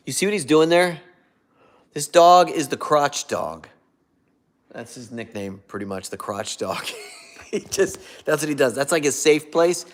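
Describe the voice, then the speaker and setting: A man's voice: medium pitch, animated, moderate pace. A man hosting a casual livestream, rambling and losing his train of thought while he reads out viewer comments and thanks them. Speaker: livestream host.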